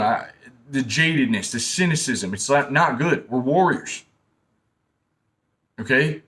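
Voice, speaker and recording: A man's voice: medium pitch, fairly bright tone. Young male talker, casual and blunt, preachy, repeats points, mid-range voice. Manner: blunt, preachy, repeats himself, calls listener man and bro. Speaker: self-help talker. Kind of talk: casual direct-to-camera advice talk.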